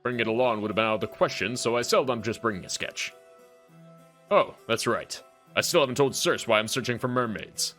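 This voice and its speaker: A man reading a flamboyant, excitable male fantasy author's lines aloud while streaming a game. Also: medium pitch, a little fast, faint music behind, pitched below the performer's own voice, close to an everyday voice. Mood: theatrical. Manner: theatrical, grandiose reading. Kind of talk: voicing game dialogue on a stream.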